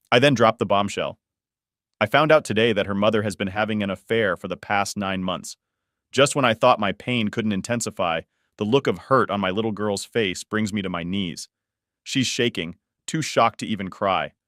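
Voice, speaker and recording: Male narrator, very low voice, dry close sound; steady scripted first-person storytelling. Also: dry recording.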